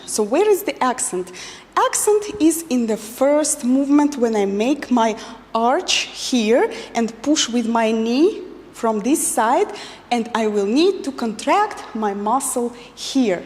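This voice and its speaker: High, lively woman teaching dance. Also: long reverb tail. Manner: counts beats and repeats cues rhythmically. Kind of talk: dance lesson instruction with counting.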